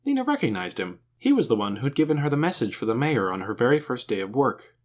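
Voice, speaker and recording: A man narrating an audiobook with an expressive, animated reading. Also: mid-range voice, fast.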